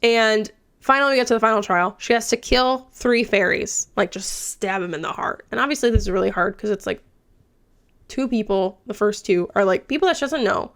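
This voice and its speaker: A woman's voice: medium pitch, a little fast, a bit bright. A young woman recapping a book in a chatty, casual way, swearing freely and dropping into whispered asides. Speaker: book reviewer.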